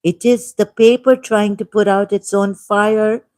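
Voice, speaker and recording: A man with a Pakistani accent hosting a livestream, reading a text aloud at a deliberate pace with musing asides and repeated key words. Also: high-pitched, level tone, darkish tone, no room sound. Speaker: livestream host.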